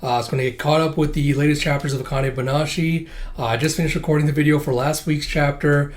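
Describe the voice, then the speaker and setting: A man's voice: steady tone, quick pace. A man hosting a manga read-through channel, chatting casually and starting most phrases with "uh". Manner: filler-heavy, starts lines with "uh"; voices characters with big pitch jumps when reading dialogue. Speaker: manga reading channel host.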